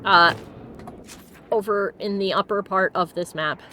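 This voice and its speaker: A woman's voice: mid-range voice, a little slow, sharp tone, slight background noise. A woman in her thirties from Connecticut, chatting playfully through a let's-play, laughing often and joking with silly wordplay. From Connecticut, USA. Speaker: streamer. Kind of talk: casual let's-play commentary.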